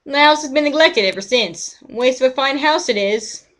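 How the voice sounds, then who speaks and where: A woman voicing a chatty older man who is out on a morning walk, folksy and a bit gruff. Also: high voice, moderate pace, fairly bright tone, pitched above the performer's own voice.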